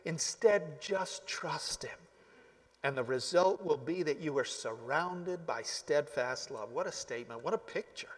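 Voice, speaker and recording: A man's voice: fairly high pitch, a little slow. A male pastor preaching a sermon in an earnest, emphatic way, sometimes dropping to near-whispers. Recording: long hall reverb.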